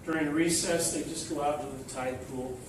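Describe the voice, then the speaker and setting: Older male speaker, slightly high voice, unhurried storyteller, distant mic, echoey hall with noise. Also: steady tone. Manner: unhurried and anecdotal, with fillers. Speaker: speaker giving a talk. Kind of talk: public talk. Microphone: microphone, then unamplified. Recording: echoey hall, voice from afar, noisy.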